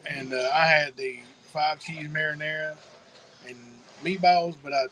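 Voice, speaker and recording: A joking man with a slightly high voice chats casually with his wife during a date night stream. Loud restaurant noise hums behind him, and he laughs easily between remarks. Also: steady tone, a little slow, poor audio. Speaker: vlogger on a date night livestream. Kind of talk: casual chat. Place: restaurant, then picking up takeout.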